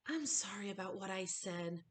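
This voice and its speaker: A woman voicing a young boy with a facial difference, asking high, earnest, pleading questions. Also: expressive, moderate pace, a little hiss or hum, lightly acted.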